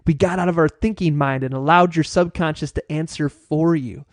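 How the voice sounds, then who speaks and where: A man's voice: on the high side, moderate pace, no echo, studio quality. A man hosting a motivational class, talking in an upbeat, playful and encouraging way. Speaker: workshop host.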